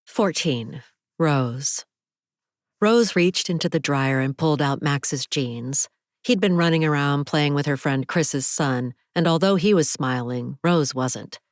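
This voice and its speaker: Female audiobook narrator, low register, dramatic thriller delivery, dry close sound. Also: slow, no echo. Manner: dramatic, expressive thriller reading.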